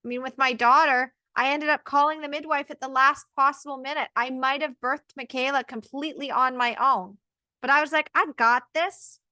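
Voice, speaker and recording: Thirties lady birth coach, high bright voice, dry close sound, earnest and emphatic. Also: steady tone, fairly quick, no echo. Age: 30s. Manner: earnest, emphatic storytelling with quoted self-talk. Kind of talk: personal motivational monologue.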